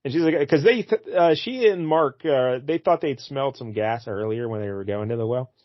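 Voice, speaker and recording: A man's voice: medium pitch, moderate pace, dry recording, highs cut off. A man co-hosting a casual comic book talk, retelling the story and briefly acting out characters' lines. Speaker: podcast co-host.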